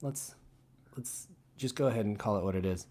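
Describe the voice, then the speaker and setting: A man's voice: fairly low pitch, moderate pace, a little mellow. A young man co-hosting a live show, reading fan mail aloud and stumbling over words. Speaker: co-host. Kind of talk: casual live-show banter.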